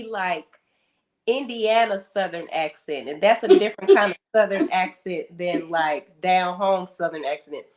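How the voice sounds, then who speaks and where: A middle-aged woman speaking as a guest on grief tells a story in an interview, animatedly acting out the people and their quotes. Her voice is lowish and her delivery a little slow.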